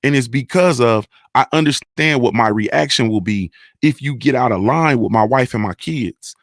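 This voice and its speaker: A young adult man talks straight to his viewers on a livestream, emphatic, profane and repetitive. His voice sits at an ordinary pitch and is recorded dry and up close, with no room sound. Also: moderate pace, no room sound. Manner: emphatic, repetitive, profane, keeps asking "you understand". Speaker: livestream host reading chat. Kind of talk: casual livestream talk to viewers.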